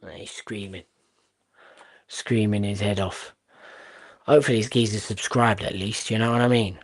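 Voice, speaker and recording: A man from Portugal, doing live football watchalong commentary in a blunt, excitable way with quick exclamations and swearing. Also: fairly low pitch. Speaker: football streamer.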